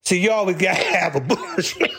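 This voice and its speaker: A man's voice: sits high, wildly swooping pitch, brisk, sharp tone. A man telling a rambling, profane comedy story about his old job, swearing constantly and laughing as he talks. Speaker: stand-up storyteller.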